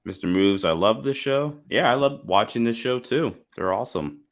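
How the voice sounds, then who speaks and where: A man co-hosting a casual live stream, excitable and quick to laugh. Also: mid-range voice. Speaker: podcast co-host.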